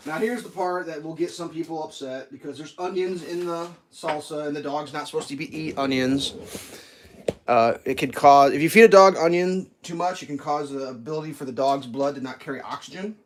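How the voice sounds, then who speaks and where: A man's voice: on the high side, a little fast, a crowd in the background. A man vlogging casually while cooking in his home kitchen, rambling and chatting with his dog.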